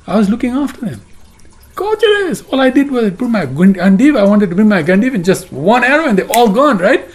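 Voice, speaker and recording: A man voicing a disgraced male warrior prince who recounts his defeat in an agitated, rushed way. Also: sits high, big pitch swings, voice pushed up. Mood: distraught.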